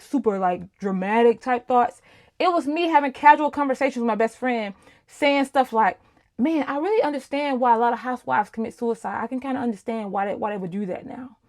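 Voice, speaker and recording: A woman in her thirties giving a candid, personal faith talk to other women, speaking casually and addressing listeners as y'all. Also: on the high side. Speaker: host.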